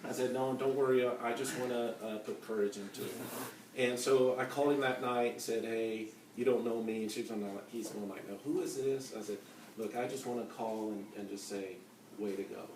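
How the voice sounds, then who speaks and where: At a conference, a man rambles through a personal testimony, full of fillers and restarts. His medium-pitched voice is a little mellow, with fairly even intonation and a normal pace. The echoey hall of the conference center is picked up by a distant mic, with a little hiss or hum.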